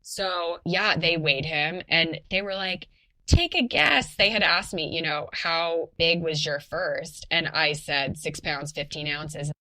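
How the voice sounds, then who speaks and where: A young woman sharing her birth story on a podcast, animated and full of fillers, laughing often. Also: sits low, a little slow, hardly any pauses, poor audio. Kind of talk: casual personal storytelling.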